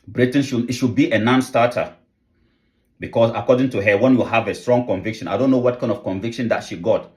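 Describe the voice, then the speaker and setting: A man from Africa giving impassioned opinion commentary, fervent and full of rhetorical questions and repetition. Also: fairly low pitch. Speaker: online commentator.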